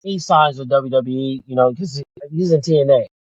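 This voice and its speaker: A man hosting a podcast, retelling events in casual chat, excitable and swearing freely. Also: mid-range voice, a little fast, no room sound. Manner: excitable, profane storytelling. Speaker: podcast host. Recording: dull lo-fi dry sound.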